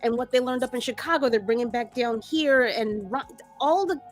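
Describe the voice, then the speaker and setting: Casual podcast co-host, woman, lively and fairly high-voiced, over faint music. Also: normal speed. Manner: animated, laughing, many restarts. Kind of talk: casual chat.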